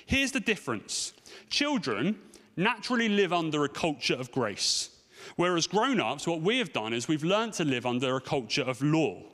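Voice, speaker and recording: A man's voice: a little high, very animated, moderate pace, fairly bright tone. A man in his thirties preaching a sermon to a congregation, telling stories and asking the room rhetorical questions. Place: church hall. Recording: long hall reverb.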